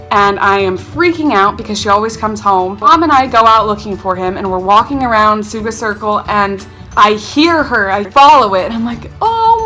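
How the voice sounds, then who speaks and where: Bright, animated young woman storyteller. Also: mid-range voice. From North Carolina. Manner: animated, self-mocking, acts out quotes. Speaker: vlogger. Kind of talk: casual storytelling to camera.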